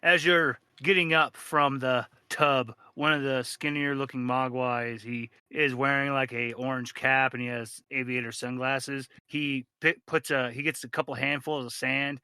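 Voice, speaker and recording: A man's voice: medium pitch, steady tone, unhurried, few pauses, sharp tone, clear, resonant tone, dry recording. A man running a tabletop game as game master, narrating casually with lots of swearing. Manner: casual, profane, rambling narration.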